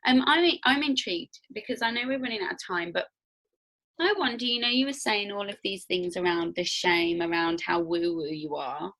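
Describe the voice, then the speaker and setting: A woman's voice: fairly low pitch, moderate pace, fairly bright tone. A woman hosting a spiritual podcast, talking in an enthusiastic, chatty and emphatic way. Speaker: podcast host, Reiki and spiritual coach. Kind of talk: casual conversational interview.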